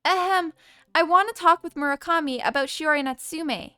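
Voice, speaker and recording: A woman's voice: high-pitched, animated, normal speed, sharp tone, no room sound, clean studio sound, faint music behind. A woman voicing a polite, eager teenage schoolgirl reporter in a game. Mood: earnest.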